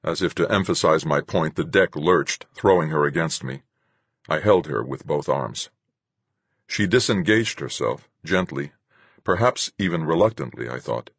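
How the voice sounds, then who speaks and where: A man narrating a novel in the first person with a measured, steady delivery. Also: rumbling low, breathy edge, dry recording. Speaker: audiobook narrator.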